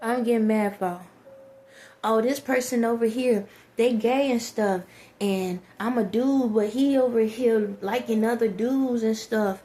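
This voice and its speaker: A woman's voice: a little high, steady tone, measured pace, dark tone. A woman, talking casually to her viewers in a rhetorical monologue and often laughing at her own jokes. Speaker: vlogger.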